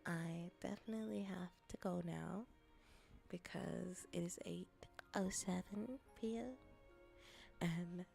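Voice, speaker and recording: A young woman streaming a casual chat as a VTuber and ASMR creator, rambling with restarts and often dropping into soft whispers. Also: lowish voice, slow pace, gravelly, soft background music.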